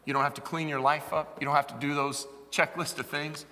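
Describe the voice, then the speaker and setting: Man preaching a sermon, bright forceful voice, impassioned swings loud to soft, long church reverb. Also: fairly high pitch, level tone, a little fast. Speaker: pastor. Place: church sanctuary. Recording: long reverb of a large hall.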